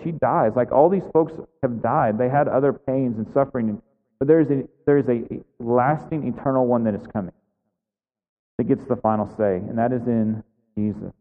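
Man preaching in an echoing hall. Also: medium pitch. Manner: earnest, conversational, with acted quotes and repeated questions. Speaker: pastor. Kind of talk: sermon. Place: church sanctuary. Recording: phone-like sound in a reverberant hall.

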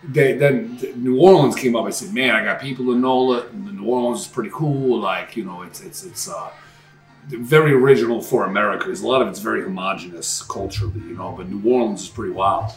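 A man's voice: lowish voice, a little fast, faint music behind. A man from Queens with a New York accent telling a story in casual chat, swearing freely and acting out the voices of the people in it. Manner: animated, profane, acts out quoted voices. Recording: roomy, distant mic.

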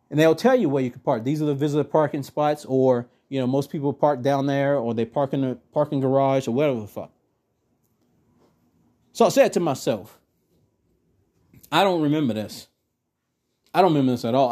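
A man hosting a podcast, ranting bluntly with heavy profanity and telling a story in a casual, animated way. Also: a little high. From Texas. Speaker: podcast host. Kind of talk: profane political rant and storytelling.

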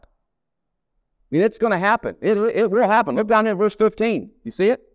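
Preaching in a camp meeting hall, a middle-aged pastor spins folksy family stories and leans on emphatic repetition. His high voice has lively intonation and moves fairly quickly over a dry recording.

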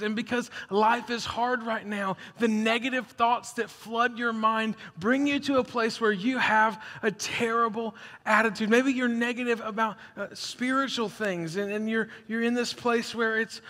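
A preacher man talking to his church in a lively, chatty way, slipping into small mock voices for the people he describes. His voice sits high and sounds bright and forceful. It rings out with the long reverb of a big hall. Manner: conversational, animated, acts out quoted voices. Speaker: pastor. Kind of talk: sermon.

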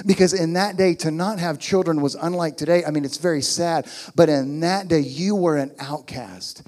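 Emphatic preacher with a fairly high voice. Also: male voice, normal speed, few pauses, darkish tone. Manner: emphatic, repeats key phrases. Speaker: pastor. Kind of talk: sermon.

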